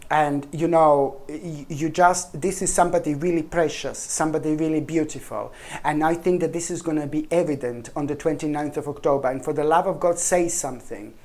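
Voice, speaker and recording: A woman's voice: deep voice, fairly quick, darkish tone. A woman giving a tarot reading, talking earnestly and pleadingly, often repeating and restarting her words. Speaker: tarot reader.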